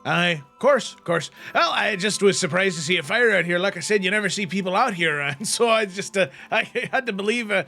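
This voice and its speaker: A man's voice: sits high, expressive, fairly quick, creaky, hardly any pauses, pushed and bright, soft background music, heavily acted. A man playing a blustering dwarf lumberjack. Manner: swearing, blustering, stammering. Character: loud rough-spoken male dwarf lumberjack.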